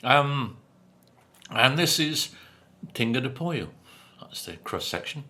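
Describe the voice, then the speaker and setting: A man's voice: mid-range voice, very animated, sharp tone. A man reviewing takeout food in a casual chat while he eats, with dry humor, chewing and humming between remarks. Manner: unhurried, chatty, dry humor, chews and hums between remarks. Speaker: food vlogger.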